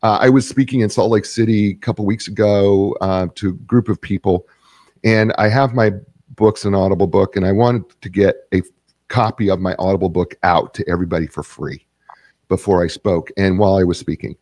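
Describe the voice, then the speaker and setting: A man's voice: deep voice, a little fast, dry recording, studio quality. A man hosting an interview show, introducing his guest and reading a sponsor spot, with plenty of ums and uhs. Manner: relaxed, many filler ums and uhs. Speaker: radio show host. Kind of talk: show host talk with sponsor read.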